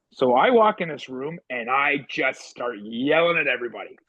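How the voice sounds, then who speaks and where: A man co-hosting a podcast, telling animated stories and acting out the quotes with sudden jumps in pitch. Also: fairly quick, few pauses, no room sound, dull audio. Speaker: podcast co-host and goalie coach. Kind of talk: casual storytelling chat.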